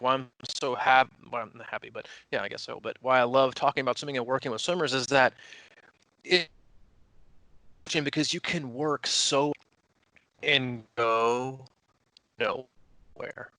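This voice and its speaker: Bright, rambling male triathlon coach. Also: medium pitch, no echo, low-quality recording. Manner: rambling, animated, frequent restarts and "like". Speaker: triathlon coach and podcast host. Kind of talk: casual podcast monologue.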